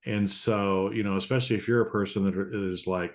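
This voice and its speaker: A man hosting a podcast in casual conversation. He has a fairly low voice, and his thoughts come out halting and rambling. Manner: rambling, halting, restarts sentences. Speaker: podcast host.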